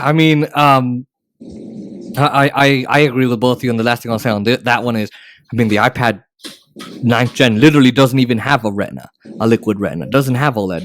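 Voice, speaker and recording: A man hosting a casual tech podcast, opinionated and sarcastic, often restarting his sentences. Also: mid-range voice. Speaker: podcast host.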